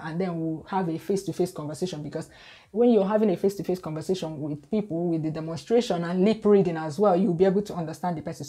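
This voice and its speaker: A woman's voice: medium pitch, warm tone, husky. A woman from Nigeria with a Nigerian English accent, talking casually to camera as a YouTube host in an emphatic, lecturing way full of rhetorical questions.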